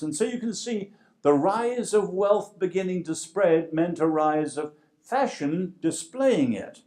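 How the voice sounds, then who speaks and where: A man with an English accent giving a public lecture, emphatic and full of dramatic pauses. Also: on the high side, darkish tone.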